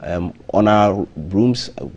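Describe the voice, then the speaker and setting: A man, a hotel marketing manager, interviewed as a guest on a live breakfast TV show, speaking in a measured way with frequent ums and restarts. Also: lowish voice, a little mellow, highs cut off. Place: TV studio.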